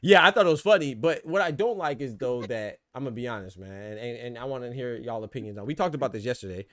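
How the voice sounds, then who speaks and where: Fast-talking podcast host man. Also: medium pitch, no echo, studio quality. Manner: fast, animated, repeats words while thinking. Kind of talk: casual podcast debate.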